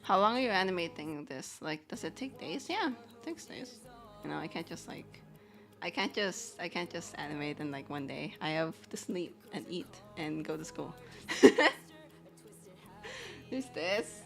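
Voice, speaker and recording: A woman's voice: low voice, animated, measured pace, creaky, fairly bright tone, faint music behind. A young woman chatting casually at her computer, rambling and giggling as she swears and fills her talk with "like" and "you know.". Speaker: animator. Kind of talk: casual chat while sharing her screen.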